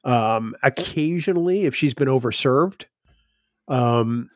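A man's voice: medium pitch, animated, slow pace, no echo. A man, telling family stories in a casual chat with dry humor. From New Hampshire. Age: 50s.

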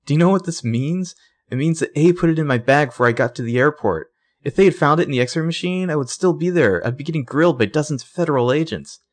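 A man's voice: mid-range voice, animated, quick pace, few pauses, voice pushed up, close to an everyday voice. A man doing a frantic, panicking young woman. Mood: panicked. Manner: breathless frantic pleading. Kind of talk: acted quotes in a TV recap.

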